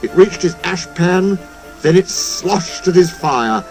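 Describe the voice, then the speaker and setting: A man narrating a children's story in a slow, highly animated storytelling manner. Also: music in the background.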